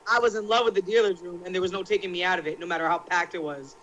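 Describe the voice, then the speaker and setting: Woman, panel guest, talkative and animated, slangy complaints. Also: lowish voice, racing, lo-fi sound, a little hiss or hum. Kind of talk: casual chat.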